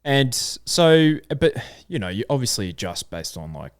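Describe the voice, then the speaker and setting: Lively Australian man talking horse racing. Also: mid-range voice, moderate pace, clean tone, no room sound, studio quality. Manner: animated, thinking aloud with fillers. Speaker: podcast co-host. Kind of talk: casual racing chat.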